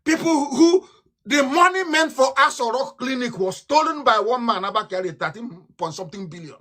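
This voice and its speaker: Nigerian man, political broadcaster, impassioned and combative, sharp bright tone, repeats his points. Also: a little fast. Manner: fiery, ranting, repeats himself, swings from loud outbursts to low mutters. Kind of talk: impassioned live broadcast speech.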